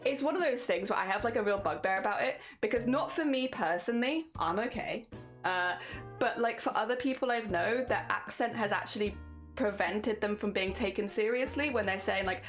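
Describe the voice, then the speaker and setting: A woman's voice: medium pitch, a little fast, faint music behind. A woman with an English accent, chatting casually with her viewers while she crafts and laughing often. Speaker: craft streamer.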